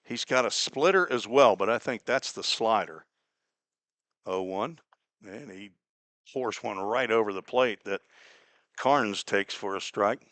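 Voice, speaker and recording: A man from Cincinnati calling a baseball game play by play, chatty and folksy, drifting into small talk between pitches. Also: unhurried, long pauses, fairly bright tone, no echo. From Cincinnati, Ohio. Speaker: play-by-play announcer. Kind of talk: live baseball radio commentary.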